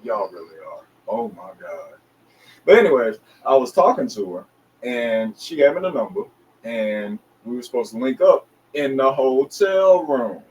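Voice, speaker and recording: A man from the Atlanta area, a DJ and rapper, telling a long story in a casual interview with slang and lively voicings of the people he quotes. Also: medium pitch, unhurried. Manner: animated, slangy storyteller who acts out others' voices. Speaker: interview guest, DJ and recording artist. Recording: distant mic with faint background noise.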